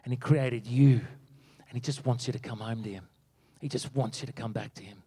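A man voicing a gentle old male pastor mentor who speaks quietly, slowly and earnestly. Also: mid-range voice, creaky, slightly rough.

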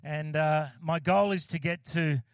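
A man's voice: on the high side, fairly even intonation, unhurried, clean tone, dry recording. A man, a pastor giving a casual, joking sermon with many fillers and restarts, close to the mic.

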